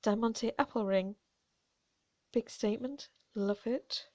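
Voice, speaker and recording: A woman chatting gently as she shows her vintage jewellery finds. She talks quietly, often slipping into whispers, with playful asides. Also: on the high side, takes it slowly. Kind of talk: relaxed show-and-tell chat.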